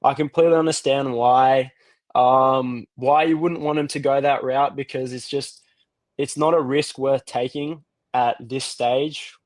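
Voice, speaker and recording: A young Australian man calling in to a fan show, chatting in a relaxed, rambling way. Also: medium pitch, unhurried, no room sound. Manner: relaxed, rambling, lots of fillers and restarts. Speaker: caller. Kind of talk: casual call-in chat.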